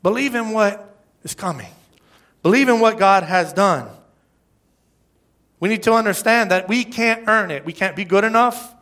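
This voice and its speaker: A man's voice: sits high, moderate pace, long pauses, pushed and bright. A middle-aged man preaching a sermon in a church, in a conversational, self-deprecating way, often checking with his congregation. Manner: conversational, self-deprecating, asks the crowd "right?". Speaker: pastor. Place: church service before a congregation.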